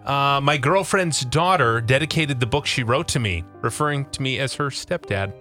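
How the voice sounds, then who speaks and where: A man's voice: mid-range voice, moderate pace, pushed and bright, soft background music. A man hosting a radio show, steering the talk and reading listener messages in an easygoing way. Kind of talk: casual studio banter, reading listener messages. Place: radio studio. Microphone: studio microphone.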